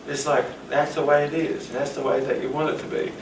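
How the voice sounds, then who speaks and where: A man giving a rambling, animated talk on rapport, now and then acting out the voices of people he quotes. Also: fairly high pitch, brisk. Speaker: teacher. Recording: roomy, distant, noisy.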